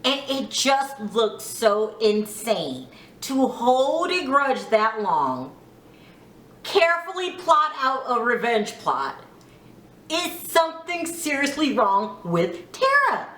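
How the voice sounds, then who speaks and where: Woman, casual TV recap, outspoken, bit of cursing, very lively pitch, echoey room. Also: slow pace. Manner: frank, opinionated, mildly profane; animated, acts out quotes. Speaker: reality TV recap vlogger.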